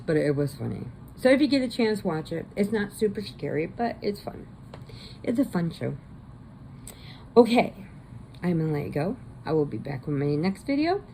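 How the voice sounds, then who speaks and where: Woman, low gravelly voice, mellow dark tone, rambling casual chat, faint background noise. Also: big pitch swings, moderate pace. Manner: rambling, chatty, laughs often. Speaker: vlogger. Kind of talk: casual movie recap.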